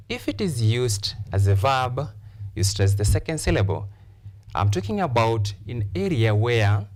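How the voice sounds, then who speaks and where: Slow, lively-pitched male teacher. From Kenya. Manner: deliberate explaining with repeated examples and frequent "uh" fillers. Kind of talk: televised classroom lesson.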